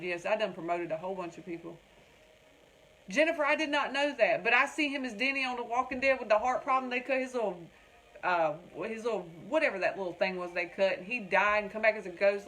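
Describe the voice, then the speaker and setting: A woman's voice: medium pitch, a little fast, fairly bright tone, slight background noise. Chatty woman livestreaming crafts. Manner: chatty, rambling, talks to viewers in the comments. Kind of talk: casual livestream chat.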